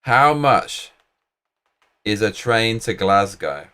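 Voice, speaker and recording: Sweary British man, lively pitch. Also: slow pace, clear, resonant tone. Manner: rambling, sweary, jokey slang. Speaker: live-stream host. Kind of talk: casual live-stream chat.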